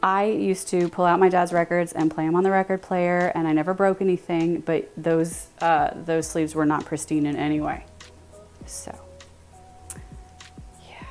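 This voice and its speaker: A woman's voice: fairly low pitch, moderate pace. Chatty woman streamer with music behind. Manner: chatty, animated, laughs often. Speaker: live streamer. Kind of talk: casual live-stream chat with viewers.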